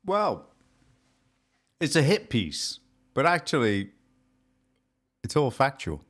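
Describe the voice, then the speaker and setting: A man co-hosting a casual chat show, joking and animated. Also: medium pitch, slow. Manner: jokey, animated, laughs at his own gags. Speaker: podcast co-host.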